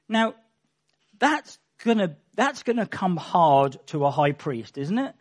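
Male Bible teacher, high-pitched, emphatic conversational preaching with dry humour. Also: very animated, slow pace. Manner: emphatic, with wry asides and chuckles. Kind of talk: conversational sermon.

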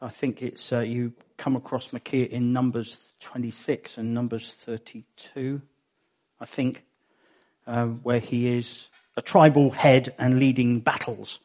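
A man delivers a Bible teaching talk in a medium-pitched, slightly mellow voice, flat and measured. He thinks aloud, with frequent ums and self-corrections, on a dull lo-fi recording.

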